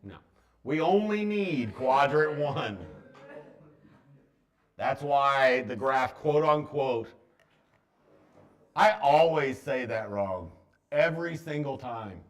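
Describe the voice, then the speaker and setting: A man's voice: medium pitch, sing-song, slow, long pauses. A man teaching a math class to students, talking in a joking, offhand way.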